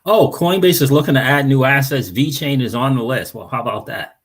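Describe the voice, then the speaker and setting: A man's voice: mid-range voice, brisk. A man hosting a crypto livestream, chatting casually, greeting viewers by name and repeating phrases. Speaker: crypto channel host.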